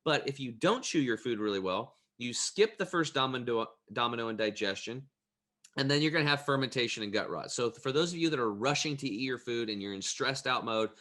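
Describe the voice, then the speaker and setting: A man speaking as an interview guest, an energetic, emphatic and plain-spoken storyteller. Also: medium pitch, brisk.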